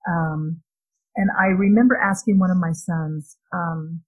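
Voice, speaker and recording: A middle-aged woman speaks in a low, slightly husky voice. She gives an earnest, gentle devotional talk, unhurried and sincere, with small restarts along the way. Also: steady tone, poor audio. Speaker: speaker sharing a faith-based parenting talk.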